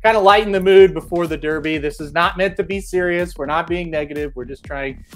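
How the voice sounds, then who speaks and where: A man's voice: fairly high pitch, fairly quick, soft background music. A man hosting a horse racing show, reading out viewer comments in a casual, chatty way and joking as he goes. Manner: joking, chatty, laughs between remarks.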